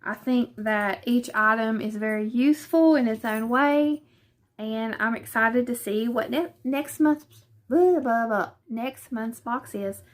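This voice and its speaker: A woman's voice: fairly high pitch, unhurried. A woman with a Southern US accent chatting casually through a quilting unboxing in her living room, hesitant and thinking aloud as she goes. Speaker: vlogger.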